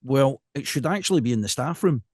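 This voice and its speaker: A Scottish man co-hosting a podcast, chatting casually in an animated, joking way and telling stories. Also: mid-range voice, a little fast, dry recording, clean studio sound. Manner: animated and jokey, tells stories with quoted asides. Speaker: podcast co-host.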